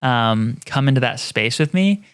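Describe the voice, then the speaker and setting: A young adult man co-hosting a podcast, soft-spoken and gentle in casual chat. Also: medium pitch, animated, a little slow, clear, resonant tone, dry recording. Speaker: podcast co-host.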